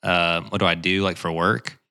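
A man's voice: deep voice, little pitch movement, moderate pace, pushed and bright, clear, resonant tone. A young man, guesting on a casual podcast, easygoing and laughing often. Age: young adult. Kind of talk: casual chat.

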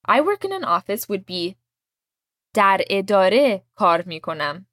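A woman teaching a language lesson, explaining words patiently and clearly and modeling each one for her student to repeat. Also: medium pitch, big pitch swings, a little fast, fairly bright tone, no echo, clean studio sound.

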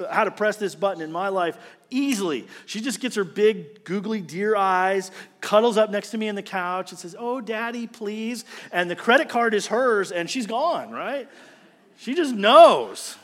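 Guy preaching a sermon, kinda high voice, goes loud then quiet, echoey church hall. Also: moderate pace. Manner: animated, swings from loud emphasis to quiet. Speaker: pastor.

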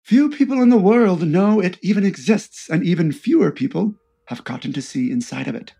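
A man voicing a calm, confident veteran male spy who explains things in a breezy, matter-of-fact way. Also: high voice, moderate pace, creaky, breathy edge, full character voice. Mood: cool.

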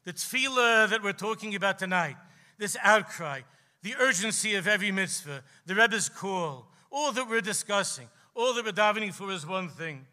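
A man, a rabbi preaching to a gathering, telling stories with passion and slowing down for emphasis. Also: lively intonation. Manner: impassioned storytelling, slows for emphasis, drops low and quiet at key lines. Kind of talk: sermon at a gathering. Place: live event hall.

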